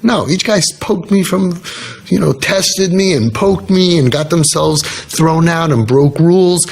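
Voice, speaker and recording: A man's voice: on the high side, measured pace, vocal fry. A middle-aged man giving an earnest storytelling talk as a youth mentor. He talks emphatically and repeats his key phrases.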